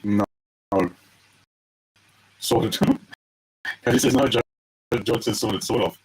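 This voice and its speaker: A man from Australia runs a live trading card break, talking casually and excitedly to his viewers as he opens packs. His voice sits at a middling pitch, and he keeps up a steady, chatty stream of commentary. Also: takes it slowly, rough recording.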